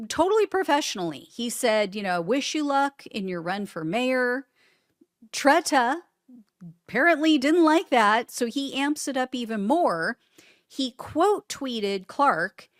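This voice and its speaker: A woman's voice: on the high side, no room sound, clean studio sound. A woman hosting casual political commentary, sarcastic and blunt, with casual swearing as she reads posts aloud.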